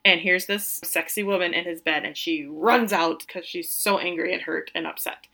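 A young woman with a bright, sharp-edged voice chats through a film plot with a friend. She slips into playful voices for the characters and laughs along as she goes. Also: on the low side, normal speed, gravelly. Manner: acts out character lines with silly voices and laughs. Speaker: podcast co-host. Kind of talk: casual movie recap chat.

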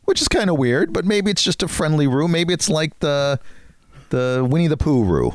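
A man's voice: fairly high pitch, big pitch swings, moderate pace, no room sound, clean studio sound. Rambling, chuckling man telling a story. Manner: rambling storyteller, chuckles often, self-mocking. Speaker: podcast co-host. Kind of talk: casual chat.

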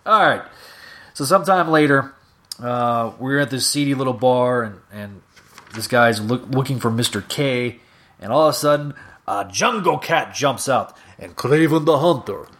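A man's voice: medium pitch, moderate pace, fairly bright tone. A podcast host talking on his own, retelling comic issues in a loose, casual way. His speech is full of "uh"s and restarts. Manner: casual, filler-heavy retelling. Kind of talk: solo recap reading comics aloud.

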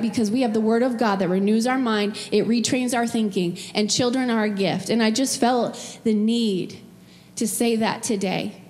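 A middle-aged woman pastor preaches a heartfelt sermon, her voice sitting a little high. She tells personal stories and grows tearful at times. The sound carries a long hall reverb. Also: darkish tone. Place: church sanctuary.

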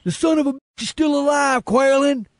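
A man voicing a gruff, shouting male movie henchman with an over-the-top barking delivery. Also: very high voice, fairly quick, dry recording, studio quality, voice pushed up. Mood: barking angry.

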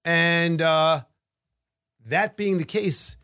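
A man's voice: fairly high pitch, very slow, smooth, no echo, studio quality. A man co-hosting a podcast, chatting casually about markets with rambling restarts and repeated words. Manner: rambling, stammering restarts, animated. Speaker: podcast co-host.

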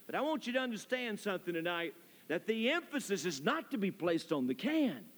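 High-voiced preacher in a reverberant church. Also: male voice. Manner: preaching with rising emphatic repetition. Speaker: pastor. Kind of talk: sermon. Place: church sanctuary. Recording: long reverb of a church hall.

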